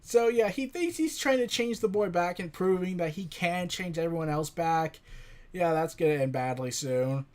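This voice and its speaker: A man recapping a comic issue in a casual, rambling, excitable way with many fillers. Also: sits high, normal speed. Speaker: comic book reviewer.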